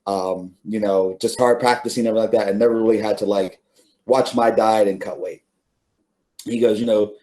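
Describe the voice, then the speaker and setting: A man's voice: fairly low pitch, steady tone, a little fast, warm tone. A middle-aged man, an interview guest, telling stories casually with many fillers and restarts, laughing now and then. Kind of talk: casual storytelling.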